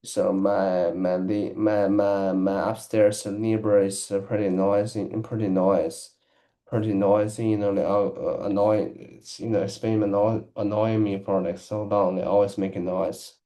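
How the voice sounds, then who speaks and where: Halting, low-voiced man practicing English. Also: little pitch movement, dark tone. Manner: halting, hesitant, with many restarts and fillers. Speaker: English learner. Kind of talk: casual practice conversation.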